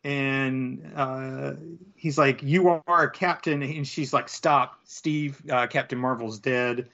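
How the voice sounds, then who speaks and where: A man's voice: mid-range voice, fairly even intonation, slow pace, pushed and bright, highs cut off. A man co-hosting a podcast, chatting casually and rambling with lots of fillers and restarts. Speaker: podcast co-host. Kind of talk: casual chat.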